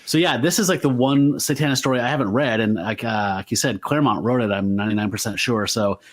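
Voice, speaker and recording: A man's voice: medium pitch, fast talker. A man co-hosting a podcast, talking enthusiastically about comic art in a casual, rambling way with lots of fillers. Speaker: podcast co-host. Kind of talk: casual comic-book discussion.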